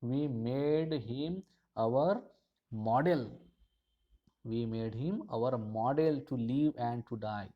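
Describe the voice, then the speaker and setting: A man's voice: mid-range voice, muffled recording. A male college teacher, explaining a poem line by line and restating each phrase again and again. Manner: slow, repetitive explanation with frequent restatements.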